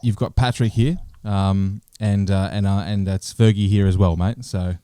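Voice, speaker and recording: Joking man with a mellow voice. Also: fairly low pitch, fairly even intonation, clean tone, dry recording, clean studio sound. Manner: joking, storytelling, quick to laugh. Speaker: podcast co-host. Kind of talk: casual podcast chat.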